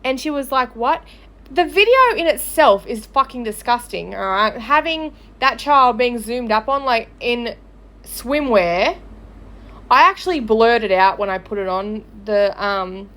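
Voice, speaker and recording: A woman's voice: fairly high pitch, fairly bright tone. A woman who hosts a gossip page, ranting angrily and swearing on a livestream. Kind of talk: livestream commentary.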